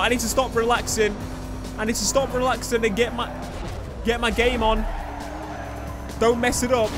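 A man giving excitable let's play commentary over a racing game, swinging between muttering and shouting. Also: extremely high pitch, moderate pace, pauses often. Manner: excitable, shouts and laughs at the race. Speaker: gaming YouTuber. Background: game music and engine sounds.

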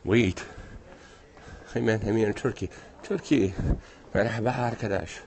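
A man's voice: fairly low pitch, unhurried, vocal fry, a little mellow. Man, phone livestream outdoors, out of breath, chatty, faint street noise behind. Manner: reads viewer comments aloud and thanks them. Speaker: livestream host. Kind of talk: casual livestream chat while walking.

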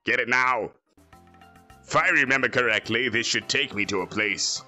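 A man doing a cocky, bright-voiced villain. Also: mid-range voice, normal speed, soft background music. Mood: salesman. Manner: boastful, crude, joking. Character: cocky arrogant male android villain, gamer. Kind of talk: fan parody voice acting.

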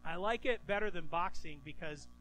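A man in his thirties, a pastor preaching a sermon, telling stories with lively restarts and stammers. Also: high voice, brisk, soft background music, rough recording. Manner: animated storytelling, stammering restarts.

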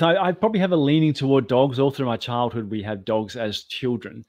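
A man who is the guest on a talk show, telling an animated, self-deprecating story. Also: mid-range voice, a little fast, no echo. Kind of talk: anecdotal storytelling.

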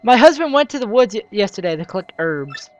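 A woman's voice: mid-range voice, sing-song, fast talker, highs cut off, voice pushed down, natural voice. A woman reading aloud the lines of a worried village shopkeeper wife in a game, in a plain voice close to her own. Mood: distraught.

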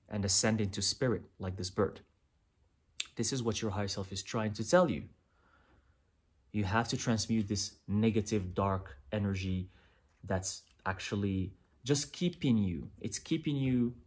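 Low husky man giving a tarot reading. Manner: earnest, repetitive, addresses the listener directly. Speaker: tarot reader. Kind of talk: pick-a-pile tarot reading.

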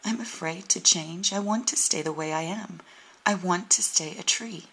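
A woman voicing a gentle, ailing female willow tree in a children's storybook, soft and fearful. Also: fairly low pitch, moderate pace, vocal fry, breathy edge, pitched above the performer's own voice, full character voice, low-quality recording. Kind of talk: storybook reading.

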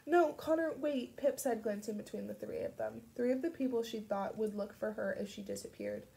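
Woman reading audiobook, gravelly texture, steady and measured. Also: mid-range voice. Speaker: audiobook narrator. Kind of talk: audiobook narration.

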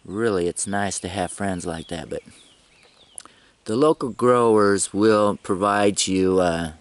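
Rambling, chuckling low-voiced man. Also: slow pace. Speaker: travel vlogger. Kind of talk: casual travel vlog monologue.

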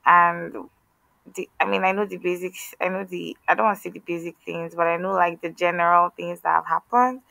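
A Nigerian woman co-hosting a podcast, talking in an animated, emphatic way with pleading asides. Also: fairly low pitch, a little fast, vocal fry, dry recording, low-quality recording. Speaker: podcast co-host. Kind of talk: casual chat.

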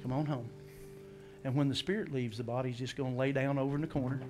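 A man preaching a sermon as pastor, animated, acting out scripture voices and asking the congregation questions. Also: mid-range voice, rapid-fire, soft background music.

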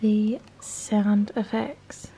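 Excitable young woman vlogger, slow and gravelly. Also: medium pitch, faint music behind. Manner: excitable, often drops to a whisper, gasps. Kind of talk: cosy gaming vlog chat.

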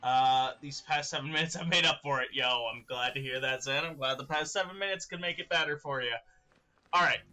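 A young man streaming a game, chatting excitedly with his viewers and laughing often. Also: a little high, a little fast. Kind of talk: live-streamed gameplay chat.

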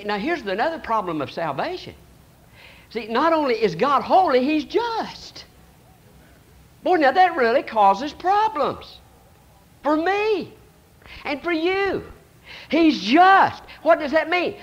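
A man preaching a sermon in a folksy, plain-spoken way, swinging between loud passages and hushed ones. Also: very high-pitched, lo-fi sound.

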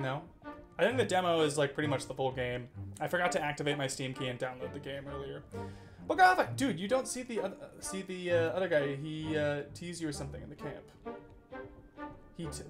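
A man streaming a video game, chatting casually, reading game text aloud, laughing and swearing now and then. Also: fairly high pitch. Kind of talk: casual gameplay commentary.

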